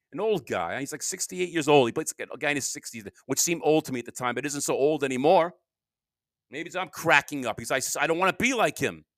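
A man's voice: a little high, no room sound, clean studio sound. A middle-aged man hosting a podcast, rambling through a solo monologue and often breaking off mid-sentence, his voice tired. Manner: meandering, self-interrupting, swings between loud and mumbling. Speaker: podcast host.

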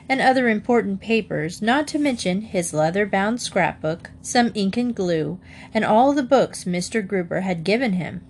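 A woman narrating a children's storybook in a steady, measured reading voice. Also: mid-range voice, slight background noise. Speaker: audiobook narrator.

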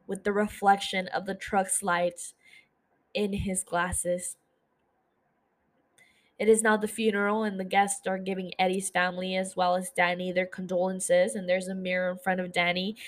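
A woman hosting a podcast, casually retelling a TV episode scene by scene, with swearing and gushing asides. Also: mid-range voice. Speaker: podcast host.

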